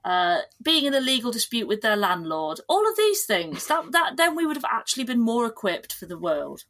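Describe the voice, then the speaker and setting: A woman guest on a podcast, chatting casually in a lively, animated way with frequent restarts. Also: a little high, moderate pace. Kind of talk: casual chat.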